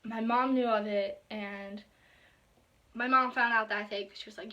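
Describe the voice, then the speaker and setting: A young woman with a slightly high voice tells her own story straight to camera in a loose, filler-heavy way. She keeps quoting what people said, often sinking to a quiet whisper for those quotes before coming back up. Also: steady tone, normal speed, slight background noise. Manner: casual, filler-heavy retelling with many quoted asides; drops to soft whispers when quoting herself and others. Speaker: vlogger.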